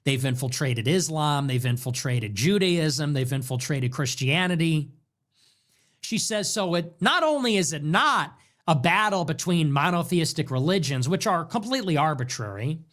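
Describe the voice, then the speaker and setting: A man's voice: fairly high pitch, a bit bright. A man hosting a commentary show, reacting to clips in a mocking, sarcastic way and repeating phrases back. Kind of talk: political commentary stream.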